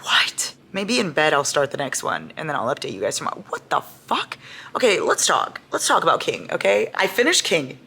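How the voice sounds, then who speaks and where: Chatty young woman with a lowish voice. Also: fairly quick, vocal fry, few pauses, slightly rough. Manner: chatty, expressive, swears freely, bursts into laughter and shocked outcries. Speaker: book vlogger. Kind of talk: casual reading vlog chat.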